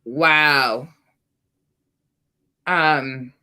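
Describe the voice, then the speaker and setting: Sarcastic low-pitched woman commentator. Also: very slow, pushed and bright, smooth. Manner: sarcastic, exasperated. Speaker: commentary host. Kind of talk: reaction commentary.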